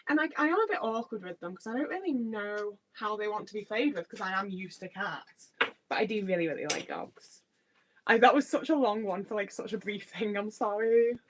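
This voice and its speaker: With a medium pitch, lively intonation and a brisk pace, a young Englishwoman talks over a little hiss or hum on poor audio. Livestreaming from her home kitchen as she bakes, this Midlands native with a slight Liverpool twang chats rambly with viewers, swearing freely and running herself down.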